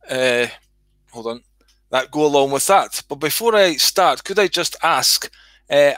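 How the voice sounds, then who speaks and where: A man's voice: on the high side, bright, forceful tone, no room sound. A middle-aged Scottish man reading his comedy skit aloud on a livestream, swearing freely and chatting to viewers.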